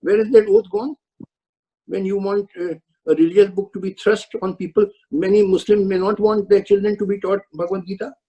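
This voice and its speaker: Casting note: older retired judge, firm and lecturing, high voice with a dark husky tone. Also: male voice, level tone, fairly quick, low-quality recording. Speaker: retired Supreme Court judge speaking to law students. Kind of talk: webinar answers to student questions. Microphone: video call.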